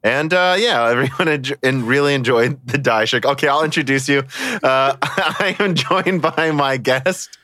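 A man's voice: mid-range voice, normal speed, sharp tone, no room sound, studio quality. A man hosting a casual hardware podcast, chatty and joking, often laughing between words. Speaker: podcast host.

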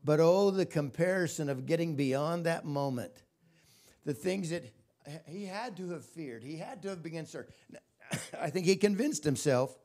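Slow, gravelly-voiced preaching bishop. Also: male voice, on the high side, expressive, darkish tone. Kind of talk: sermon.

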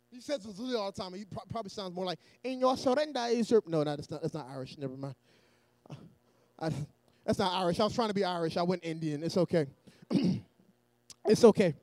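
A man preaching a sermon in a church, energetic and often shouting, with joking asides to the congregation. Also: high voice, dry recording.

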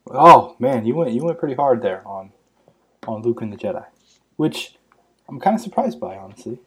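A man's voice: mid-range voice, big pitch swings, normal speed, a bit bright, breathy edge. A man co-hosting a podcast, teasing his partner in casual banter. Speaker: podcast co-host.

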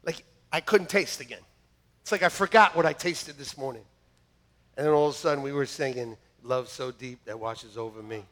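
A pastor at medium pitch and normal speed preaches to his congregation in the sanctuary, lively and joking before turning quietly earnest. He alternates loud punchlines with soft, sincere asides, captured by the church sound system for a livestream.

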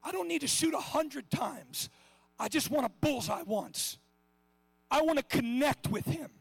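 A middle-aged man preaching a sermon with passion, swinging between shouts and hushed asides. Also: extremely high pitch, expressive, a little slow, gravelly, no room sound.

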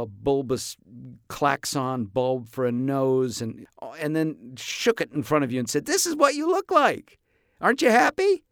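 A man hosting a podcast about voice acting, talking casually with playful, expressive comic storytelling. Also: medium pitch, clear, resonant tone, no room sound, studio quality. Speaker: podcast host and voice actor.

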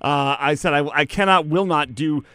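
A man co-hosting a sports podcast, chatting excitedly and stammering as he picks games. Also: fairly high pitch, moderate pace, clean tone, no echo. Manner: excitable, stammers, laughs a lot. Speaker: podcast co-host and sports producer. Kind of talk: casual sports chat.

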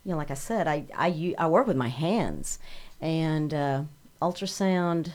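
A woman, a podcast guest in casual chat, halting and restarting as she searches for words. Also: low voice, darkish tone.

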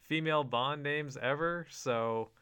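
A man's voice: on the high side, measured pace, sharp tone, clear, resonant tone. A man co-hosting a casual podcast, easygoing and laughing often. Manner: easygoing, laughs often, many "you know" fillers. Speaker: podcast co-host. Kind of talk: casual chat.

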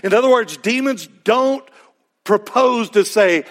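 Man, Texas accent, pastor, conversational sermon, gravelly voice, rhetorical questions. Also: high-pitched, expressive, measured pace.

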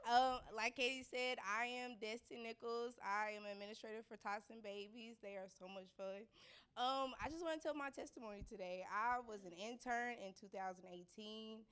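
A woman in her twenties telling a lively, animated personal testimony on a panel. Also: on the high side, moderate pace, clean tone. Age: 20s. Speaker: panel speaker.

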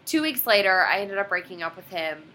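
A woman in her twenties telling a personal story in casual chat, animated and quoting others dramatically. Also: medium pitch, brisk, a little hiss or hum.

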